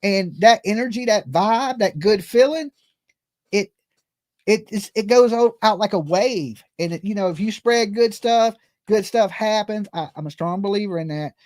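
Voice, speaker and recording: A man's voice: sits high, normal speed, darkish tone, dry recording, studio quality. A man hosting a true-crime livestream, talking in a casual, rambling and earnest way and often repeating himself.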